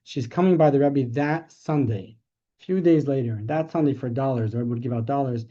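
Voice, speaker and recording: A man teaching a class as a rabbi, telling a story in a conversational way, correcting himself, and growing animated when he makes his point. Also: mid-range voice, brisk. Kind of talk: storytelling lecture. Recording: dull lo-fi sound.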